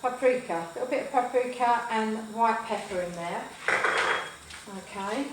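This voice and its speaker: A woman's voice: fairly high pitch, moderate pace. A middle-aged woman hosting a home cooking show, chatting and telling a rambling story with lots of fillers while she cooks. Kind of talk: live cooking chat with storytelling. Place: home kitchen. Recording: very echoey kitchen, mic far off, cooking noise. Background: frying and sizzling, stirring.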